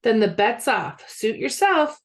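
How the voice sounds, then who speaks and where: An impatient, scheming boy who hurries everyone along, as a woman voices him. He sounds bossy and a little raised in pitch. The storybook voice carries a gravelly rasp. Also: sing-song, a little slow. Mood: pushy.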